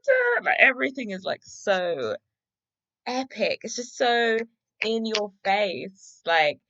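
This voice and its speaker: A woman's voice: medium pitch, sing-song, slow, pushed and bright, no room sound, highs cut off. A woman vlogger reacting to a film she is watching for the first time, effusive and gushing, talking with lots of casual fillers. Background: film soundtrack music.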